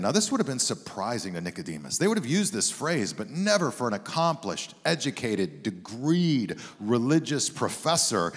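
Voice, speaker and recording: A man's voice: medium pitch, very animated, moderate pace, few pauses, slightly rough. A man preaching a sermon as a guest pastor, telling stories in a conversational, joking way. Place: church sanctuary. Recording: long hall reverb.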